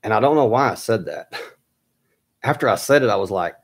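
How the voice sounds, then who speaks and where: A man telling a personal story in a halting way, pausing often with fillers and restarts. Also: lowish voice, lively intonation, breathy edge.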